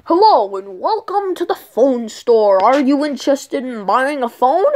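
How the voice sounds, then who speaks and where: A woman voicing a bored male phone store clerk with flat, drawn-out sales talk. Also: sits high.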